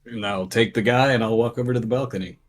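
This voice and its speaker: A man's voice: mid-range voice, fast. A man playing a tabletop game, describing his character's actions casually and swearing freely. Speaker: player.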